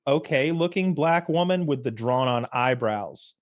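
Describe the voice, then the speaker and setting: A man's voice: medium pitch, lively intonation, measured pace, muffled recording. A man co-hosting a podcast, chatting casually in a rambling, joking way. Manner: rambling, joking, mimics people he quotes. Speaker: podcast co-host. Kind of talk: casual chat.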